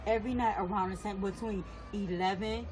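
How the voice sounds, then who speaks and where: A woman's voice: medium pitch, steady tone, a little fast, background noise. A woman telling what happened near her home, repeating details emphatically in a casual way. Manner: repetitive, emphatic retelling. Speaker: local resident. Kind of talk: casual outdoor account.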